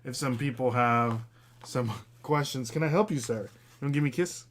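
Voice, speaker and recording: A man in his thirties hosts a relaxed, chatty podcast at a mid pitch. His talk is loose and full of fillers. Now and then he breaks off to coax his dog. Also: fairly quick. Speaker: podcast host. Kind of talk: casual live podcast chat.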